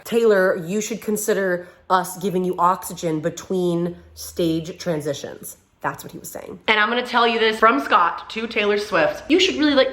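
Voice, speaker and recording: A young woman vlogger telling an animated, chatty story full of fillers in a sit-down video. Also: medium pitch, echoey room. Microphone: camera mic in sit-down video.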